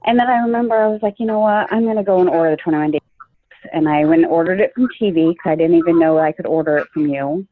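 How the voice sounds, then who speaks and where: A woman's voice: fairly low pitch, fast, dry recording. A woman telling her own story in a casual interview, earnest and full of fillers. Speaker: guest sharing her coaching story. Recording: tinny, phone-like, dry line.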